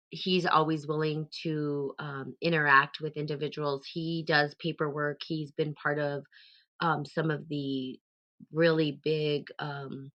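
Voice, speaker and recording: A deep-voiced woman hosts a casual talk, rambling along with lots of fillers and restarts. She becomes animated when she retells a story.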